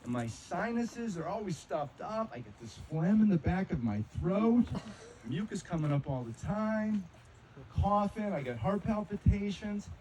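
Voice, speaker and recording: A man's voice: high-pitched, lively intonation, a little slow, darkish tone, a little hiss or hum, pitched above the performer's own voice, poor audio. A man acting out a complaining patient who lists one ailment after another.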